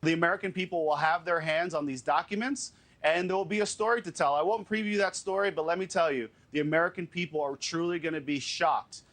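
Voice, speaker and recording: A man speaks as a government spokesman in a confident, teasing tone. His voice sits a little high for a man. He delivers a measured official statement. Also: a bit bright.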